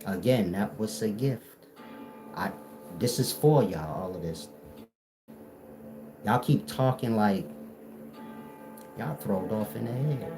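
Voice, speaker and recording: A man's voice: lowish voice, animated, slow pace, pauses often, low-quality recording. Confrontational man lecturing over music. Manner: confrontational, lecturing, repetitive rhetorical questions. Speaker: spiritual teacher. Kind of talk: preaching monologue. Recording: music playing behind the voice.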